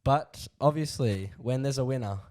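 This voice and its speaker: A man's voice: medium pitch, moderate pace, a little mellow. A young Australian man telling a long anecdote on a casual podcast, slangy and laughing as he goes. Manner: laughs through his own story, slangy. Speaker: podcast co-host. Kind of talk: casual storytelling chat.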